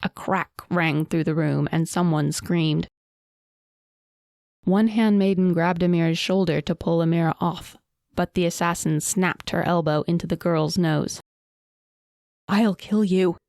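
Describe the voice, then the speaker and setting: A woman narrating a fantasy audiobook in a measured, dramatic storytelling manner. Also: low-pitched, fairly even intonation, darkish tone, no echo, clean studio sound.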